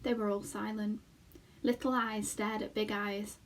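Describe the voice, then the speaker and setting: A woman teacher reading a children's novel aloud in a slow, expressive storytelling manner. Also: medium pitch, rough recording.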